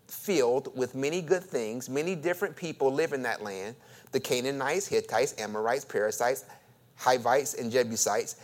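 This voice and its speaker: A man preaching a sermon, reading scripture aloud and joking as he acts out the voices of the story. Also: mid-range voice. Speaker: pastor.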